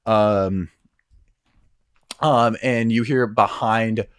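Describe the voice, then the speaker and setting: Lower-voiced man running a tabletop game. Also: fairly even intonation, drawn-out words, clear, resonant tone. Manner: rambling, many fillers, laughs often. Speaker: game master.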